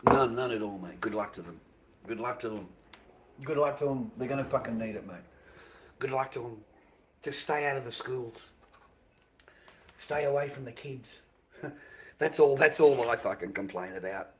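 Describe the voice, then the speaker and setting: A man's voice: mid-range voice, moderate pace, long pauses, a little hiss or hum, poor audio. An Australian man rambling bluntly on his live stream, profane and dismissive, repeating himself and often dropping to a mutter.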